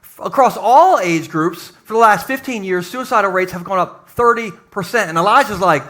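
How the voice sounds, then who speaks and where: A male pastor preaching a sermon at a live church service, lively and joking, acting out quotes. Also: high-pitched, normal speed.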